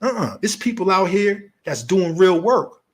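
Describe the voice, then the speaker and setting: A man's voice: high voice, big pitch swings, unhurried. A man giving a heated, profane commentary rant, confrontational and argumentative as he rebuts an online opponent.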